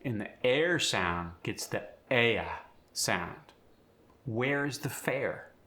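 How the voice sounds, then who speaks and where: A man's voice: medium pitch, lively intonation, slow pace, sharp tone. A man teaching an accent, explaining each sound change step by step before reading an example sentence. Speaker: accent coach. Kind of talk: accent tutorial.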